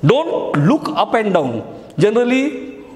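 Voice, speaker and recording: A man's voice: high voice, very animated, takes it slowly, darkish tone. A male teacher giving a lesson on speech writing, explaining each step and repeating key phrases. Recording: echoey hall.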